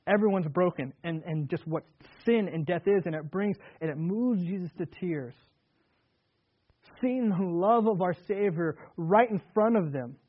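A man preaching an earnest sermon in a slightly high voice, leaning hard on key words and then sinking into hushed, quiet tones. The sound is thin and tinny, like a phone-line radio broadcast. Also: lively intonation, a little slow. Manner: earnest, repetitive restarts, swings between loud emphasis and hushed tones. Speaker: pastor.

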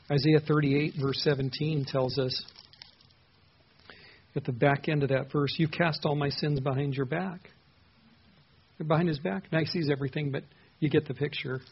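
Thinking aloud in a husky, slightly high and somewhat raised voice, a pastor talks through a Bible passage, repeating words and putting questions to his listeners. The audio comes across muffled and lo-fi.

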